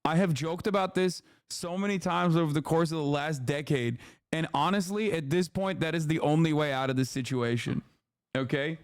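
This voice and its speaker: A man's voice: a little high, moderate pace, clear, resonant tone, no echo, studio quality. A man in his thirties from the United States, commenting on politics on a live stream in a profane, sarcastic way and mocking people with impressions.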